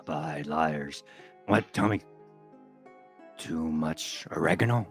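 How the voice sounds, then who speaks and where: Man playing a blunt burly innkeeper, low voice, touchy about food. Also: slow, gravelly, soft background music, heavily acted. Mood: demanding. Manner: blunt, demanding, short barked lines. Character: gruff burly innkeeper-chef, touchy about his cooking.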